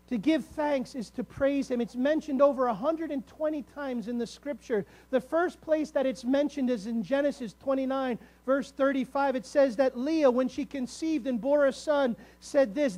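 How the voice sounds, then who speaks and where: A man with a high-pitched voice preaches a sermon to his congregation. He builds to emphatic calls and stretches key words out slowly for weight. The delivery is that of a pastor speaking from the pulpit. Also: a little mellow.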